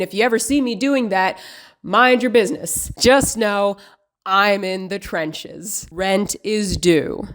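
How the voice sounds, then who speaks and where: Woman essayist, dry sardonic delivery, mid-pitched. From United States. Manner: dry, sarcastic humor. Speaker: video essay creator. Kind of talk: scripted video essay commentary.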